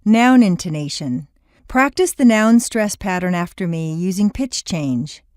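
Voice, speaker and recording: A woman teaching pronunciation, reading numbered practice sentences slowly and deliberately for learners to repeat. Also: fairly low pitch, lively intonation, a little mellow, no room sound, studio quality. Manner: deliberate, evenly spaced drill sentences. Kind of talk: slow drill reading for repetition.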